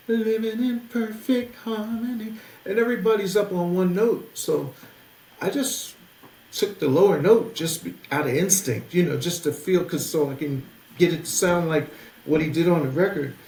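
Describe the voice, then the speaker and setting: Older man, musician guest, vivid storyteller who does the voices; fairly high voice, echoey space. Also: normal speed. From New Jersey. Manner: animated storyteller, acts out quoted voices. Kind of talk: interview storytelling. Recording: roomy with faint noise.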